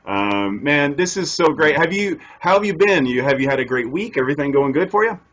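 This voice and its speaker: A man's voice: fairly high pitch, expressive, a little fast, a bit bright, muffled recording. A man hosting a podcast interview, eager and rambling, restarting his sentences often. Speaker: podcast host. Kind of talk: casual interview chat.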